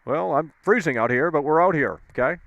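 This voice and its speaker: Man, live call-in host, combative rant, quick talker, slightly high voice, dry close sound. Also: vocal fry, no echo, muffled recording. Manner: loud, ranting, combative. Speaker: live stream host taking calls. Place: outdoors in the cold.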